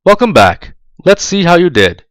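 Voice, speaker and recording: A man narrates a step-by-step instructional tutorial, his delivery lively and full of pitch movement. He speaks slowly and deliberately, enunciating every word clearly. The recording is close and dry, with no room sound. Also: no echo, rough recording. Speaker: tutorial narrator for job applicants. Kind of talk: scripted instructional voice-over.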